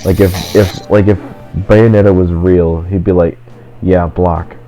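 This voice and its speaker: Rambling over faint game music, a deep-voiced let's play host makes casual gaming chat, saying "like" constantly. His tone is steady and warm at normal speed, and the recording sounds dull and lo-fi.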